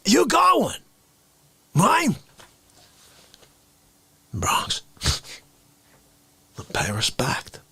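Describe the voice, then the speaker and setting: A man's voice: very high-pitched, wildly swooping pitch, extremely slow, vocal fry, pauses often, husky, voice pushed up, full character voice. A man doing a shrieking outraged ranter. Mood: ranting. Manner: shouts outraged questions, drops to hissed whispers. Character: indignant loudmouth man scolding chat viewers. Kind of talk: improvised comic rant.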